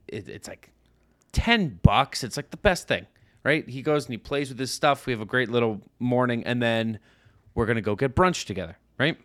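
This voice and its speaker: A man's voice: on the low side, no echo. A man in his thirties, a podcast co-host, telling a casual story and acting out the people in it. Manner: animated storyteller, acts out overheard voices.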